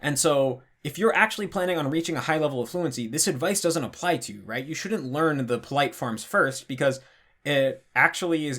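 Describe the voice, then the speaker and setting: A man's voice: medium pitch, fairly bright tone. A man hosting a casual question-and-answer talk, chatty and blunt, often checking in with the listener. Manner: chatty, frequently checks in with "right?" and fillers; emphatic, blunt opinions. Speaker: language-learning channel host. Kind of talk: casual Q&A monologue.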